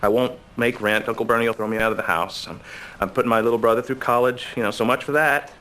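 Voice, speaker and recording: An actor playing a hapless, self-deprecating store clerk who talks in a mild, hesitant way. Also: male voice, medium pitch, fairly even intonation, fast, pushed and bright, lightly acted. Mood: glum. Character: shy, hapless young male store clerk. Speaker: client. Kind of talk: sitcom acting.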